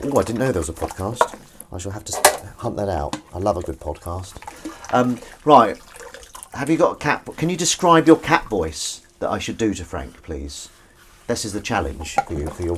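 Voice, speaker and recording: Low-voiced rambling livestream host. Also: male voice, heavy background noise. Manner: rambling, reads viewer comments aloud. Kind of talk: casual livestream chat. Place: home kitchen while washing up.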